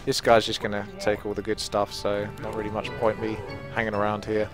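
A man's voice: on the low side, monotone, brisk, music in the background. A man hosting his own gaming channel, giving chatty, self-mocking play-by-play commentary. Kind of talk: live gameplay commentary.

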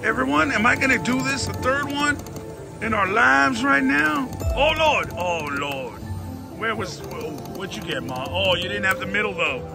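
A man giving excited running commentary on his slot machine spins, often exclaiming and speaking straight to his viewers. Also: high voice, moderate pace, creaky. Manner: exclamatory, keeps saying "oh, Lord" and "everybody". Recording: casino with slot machine music behind. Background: slot machine music.

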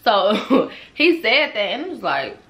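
A young woman tells a storytime to her viewers in a bright, forceful voice. She is animated and laughs often, swearing freely as she goes. She keeps speaking directly to the people watching. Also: mid-range voice, a little slow. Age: young adult. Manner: talks straight to viewers. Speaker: storytime vlogger. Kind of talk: casual storytime.

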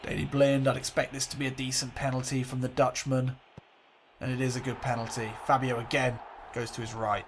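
A man hosting a let's play, calling a football game like a commentator, swinging between excitement and glumness. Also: mid-range voice, a little fast, slight background noise.

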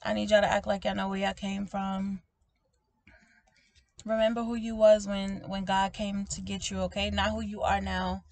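A woman preaching informally to her online viewers, animated and emphatic, often asking "okay?" and calling them "baby", with frequent laughs. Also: medium pitch, moderate pace, creaky, slight background noise. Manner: laughs often, swinging between loud exclaiming and soft talk. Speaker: prophetic minister speaking to online viewers.

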